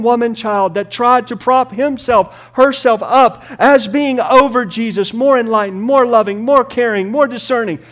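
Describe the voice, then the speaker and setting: A man preaching a sermon, swinging from loud, rapid lists to hushed, near-whispered passages. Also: very high voice.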